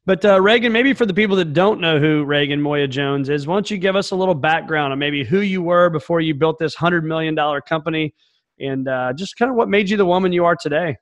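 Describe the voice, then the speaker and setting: A podcast host with a Southern American accent chats in a casual interview, friendly and talkative with plenty of "uh" fillers. His voice is on the high side and fairly quick, in a dry recording.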